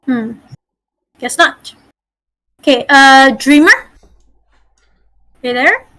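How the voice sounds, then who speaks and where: A woman's voice: high-pitched, expressive, very slow, pushed and bright, rough recording. A woman game master teaching a casual online voice acting workshop, chatty and full of fillers and restarts over a call mic.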